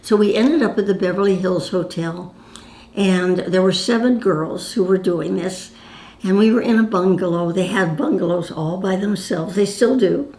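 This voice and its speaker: Speaking at a normal speed with a mellow, medium-pitched voice, a woman in her 90s tells her own stories to camera. She's chatty and nostalgic, addressing the viewer as "my dear," and the room echoes noticeably.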